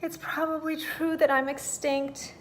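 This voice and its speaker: A woman voicing a shy, forgetful round bird that is slow to think, with a puzzled, halting manner. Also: sits high, little pitch movement, fairly bright tone, pitched above the performer's own voice. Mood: mournful.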